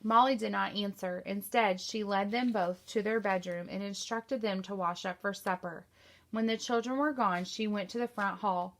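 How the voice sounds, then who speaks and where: A woman teacher narrates a novel for her class in a mid-pitched voice. Her reading is steady and even-paced. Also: moderate pace. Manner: steady storytelling.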